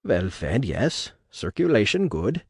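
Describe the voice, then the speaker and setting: A man's voice: on the low side, sing-song, takes it slowly, breathy edge, no echo, clean studio sound, full character voice. Man doing a cold clipped lady scientist, german-eastern european accent, clinical, storybook. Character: cold young female scientist, detached and odd.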